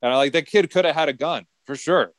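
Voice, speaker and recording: A man's voice: a little high, fast, no echo. A man in his twenties telling a rambling story in a casual podcast chat, swearing and laughing often. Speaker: podcast co-host.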